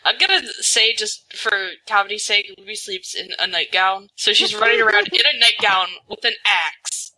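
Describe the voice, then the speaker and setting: A woman's voice: medium pitch, normal speed, few pauses, sharp tone, low-quality recording. A woman playing a tabletop game, rowdy and laughing a lot. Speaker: player. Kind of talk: casual tabletop game chat.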